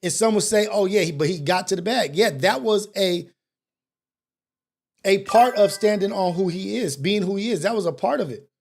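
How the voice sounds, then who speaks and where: A man's voice: sits high, animated, moderate pace, gravelly. A man hosting a talk show, delivering a preachy monologue with street slang and repeated rhetorical questions. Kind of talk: impassioned monologue.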